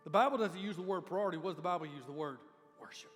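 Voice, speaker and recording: Male pastor, high-pitched voice, emphatic conversational sermon, long church reverb. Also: racing. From Georgia, USA. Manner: emphatic, conversational preaching with sudden loud peaks. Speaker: lead pastor. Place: church sanctuary. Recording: long reverb of a church hall with faint music.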